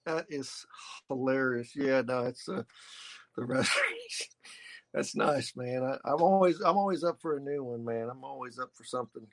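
A man's voice: medium pitch, normal speed, vocal fry. A man hosting a podcast in casual chat, laughing along and repeating words, with many fillers. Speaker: podcast host.

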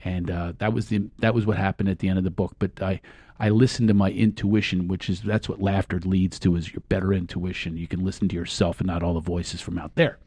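A middle-aged man as a talk-show guest, calmly guiding listeners through a laughter and breathing exercise and often breaking into giggles. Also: sits low, a little fast, dry recording. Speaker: guest, laughter and life coach.

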